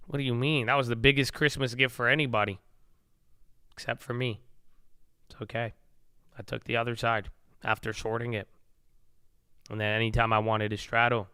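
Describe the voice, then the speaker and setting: A man's voice: mid-range voice, bright, forceful tone, clean tone, no room sound, studio quality. A young man chatting casually on a trading livestream, rambling in slang and calling people "bro.".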